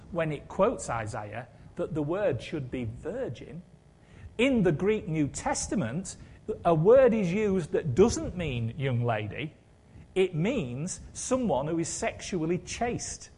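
A man's voice: a little high, very animated, slow, a little mellow, breathy edge. A man preaching a sermon in a conversational way, with wry humour and rhetorical questions.

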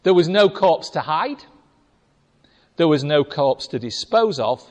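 High-voiced, lively preacher in echoing hall. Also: male voice, a little slow. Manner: emphatic, rhetorical questions to congregation. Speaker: pastor. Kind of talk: sermon. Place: church hall. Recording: long reverb of a large hall.

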